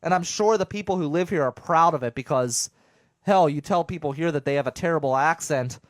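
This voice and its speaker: Young male show host, fairly high voice, chatty and excitable, stumbles over words, dry studio sound. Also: no room sound. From southwestern Pennsylvania. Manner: animated, rambling, jokey, lots of stammered restarts. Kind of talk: casual monologue to listeners. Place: home studio.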